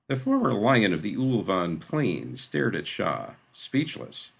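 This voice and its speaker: A man narrating a fantasy audiobook in a steady, descriptive storytelling manner. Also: on the low side, slow pace, gravelly, few pauses, husky.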